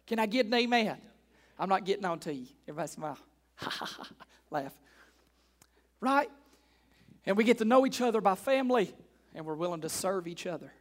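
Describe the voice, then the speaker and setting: A man with a rather high-pitched voice preaches to his congregation in church. He repeats his main points and asks the room question after question. His delivery moves between quiet, conversational asides and loud, emphatic calls. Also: animated, moderate pace, pauses often. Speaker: pastor. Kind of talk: sermon.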